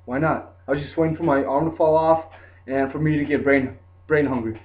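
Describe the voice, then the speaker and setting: A man's voice: a little high, fairly even intonation, a little fast. Laid-back young guy, tinny lo-fi sound. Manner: rambling, laid-back, lots of "like" and "dude". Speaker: storyteller. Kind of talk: casual storytelling to camera.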